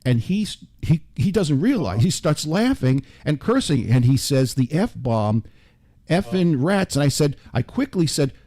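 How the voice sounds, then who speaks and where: An older man, a radio broadcaster, telling stories as a guest in a radio studio interview, lively and full of quick asides. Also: mid-range voice. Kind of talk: storytelling interview chat.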